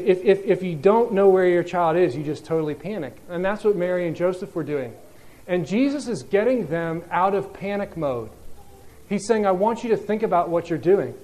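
A man's voice: high-pitched, mellow. A man preaching a sermon in a conversational, explanatory way, often restarting his sentences.

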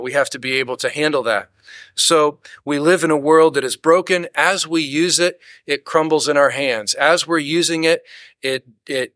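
A man teaching a church Bible study lesson in a steady explanatory way, asking rhetorical questions and sometimes acting out quoted complaints. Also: on the high side, dry recording, clean studio sound. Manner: acts out quoted complaints in animated bursts.

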